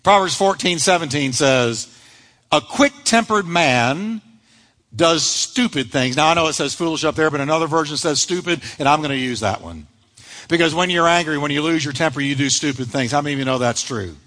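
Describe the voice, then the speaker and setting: A man preaching a sermon as pastor, telling stories with lively acted-out voices. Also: on the high side, a little fast. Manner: animated storytelling preacher, acts out quoted voices. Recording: long hall reverb.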